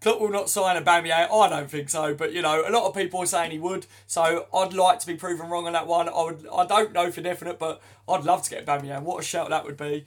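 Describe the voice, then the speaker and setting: A man's voice: fairly high pitch, fairly even intonation, fast, hardly any pauses. A young man hosting a casual live stream, chatting, laughing often and reading out viewer comments.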